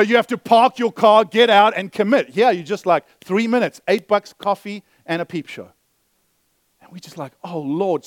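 A male pastor telling a story in a sermon, animated, swinging between loud bursts and hushed asides. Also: high-pitched, dry recording.

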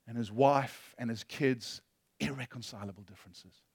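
A male pastor preaching a sermon, impassioned, moving between loud emphasis and hushed storytelling. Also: mid-range voice, normal speed, breathy edge, no echo, studio quality.

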